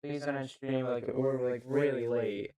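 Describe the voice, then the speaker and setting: A man calling a football match live as an amateur commentator, speaking slowly and in a halting way. He keeps second-guessing player names and drops casual asides between the plays. His pitch sits in an ordinary middle range for a man. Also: fairly even intonation, warm tone, smooth, rough recording. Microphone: handheld microphone.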